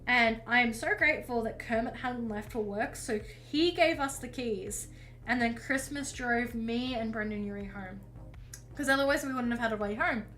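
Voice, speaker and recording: A woman streamer casually telling a story while she paints, chatty and swearing freely, with lively acted-out dialogue. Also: fairly high pitch.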